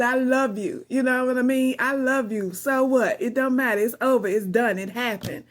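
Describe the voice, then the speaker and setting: A loud, talkative woman recording an unedited personal reflection, rambling between laughter and tears with a sassy, direct edge. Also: a little high, moderate pace, hardly any pauses. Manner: emotional, laughing through tears. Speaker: vlogger reflecting on grief.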